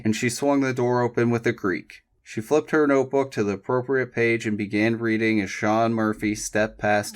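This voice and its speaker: A man reading a novel aloud as a calm, measured audiobook narrator. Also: fairly low pitch. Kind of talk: scripted narration.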